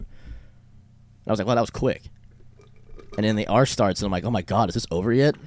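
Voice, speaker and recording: A man's voice: mid-range voice, fast, no echo. A young man from Canada chatting casually, rambling and swearing a lot with frequent laughs. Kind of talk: casual chat.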